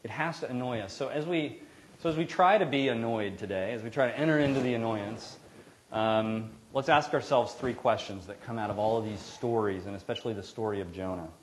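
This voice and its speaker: A man's voice: medium pitch, brisk, slight background noise, poor audio. A man preaching a sermon in a church, in an earnest, conversational way with frequent restarts. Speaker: pastor. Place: church sanctuary.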